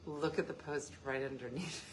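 A woman's voice: extremely low pitch, normal speed, a little hiss or hum. A woman hosting a casual live stream, joking and teasing as she answers viewer comments. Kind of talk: casual chat.

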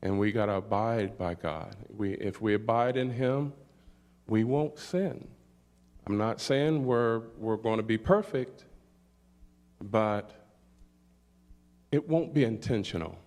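A man's voice: lowish voice, a little mellow. An older man preaching a sermon, reading scripture aloud and calling out hallelujah between points. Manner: slow, deliberate delivery with scripture readings and call-outs.

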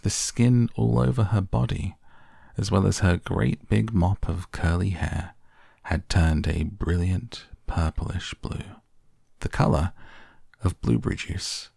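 A man narrating a children's storybook in a steady, deliberate manner. His voice is very low, with a husky, gravelly texture. The recording is close and dry. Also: dry recording. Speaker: audiobook narrator.

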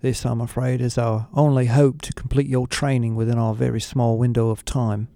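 A man's voice: mid-range voice, flat delivery, moderate pace, mellow, dry recording, clean studio sound, lightly acted. A man voicing a cool, cheerful half-alien rock star scientist with a British accent, in an audiobook. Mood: breezy. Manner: cheerful, languid, genteel. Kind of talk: audiobook character voice.

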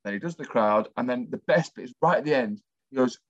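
A former athlete co-hosting a talk show chats casually, telling stories with keen enthusiasm. He has a mid-range voice and talks fast. The recording is dry, with no echo and a slightly dull sound.

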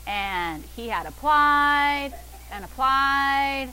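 A woman's voice: high-pitched, expressive, extremely slow, pushed and bright, poor audio. A woman pastor preaching an exuberant sermon, with bursts of laughter and call-and-response.

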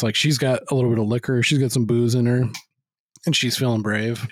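A man's voice: medium pitch, steady tone, fairly quick, no echo. A man co-hosting a casual movie-review podcast, recapping a plot in a rambling, profane way and acting out quotes. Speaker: podcast co-host.

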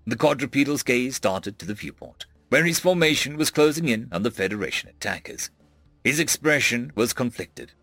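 A man narrating a sci-fi audiobook with expressive storytelling. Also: mid-range voice, dry recording.

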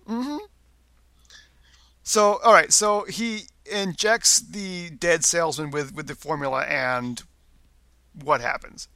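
A man's voice: fairly high pitch, slow, pauses often, sharp tone, no echo. A man in casual conversation who repeats words as he explains a story. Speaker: podcast co-host discussing a story. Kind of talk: casual chat.

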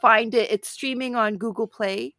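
A woman co-hosting a casual film podcast, animated and chatty, laughing often. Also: a little high, normal speed, no room sound, studio quality. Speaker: podcast co-host.

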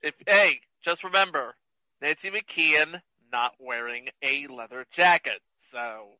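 A man joking casually through a movie commentary with quick asides. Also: on the high side, pushed and bright, no echo, rough recording. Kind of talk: casual commentary over a film.

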